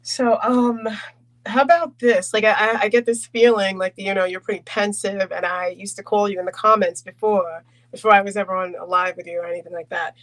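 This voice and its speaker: Chatty host, laughs a lot, mid pitch, casual interview vibe. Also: flat delivery, a little fast, fairly bright tone, poor audio.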